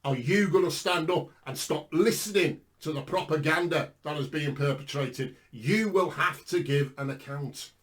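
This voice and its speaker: A British man preaching an impassioned sermon, swinging between hushed warnings and fervent shouts. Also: on the high side. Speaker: street preacher.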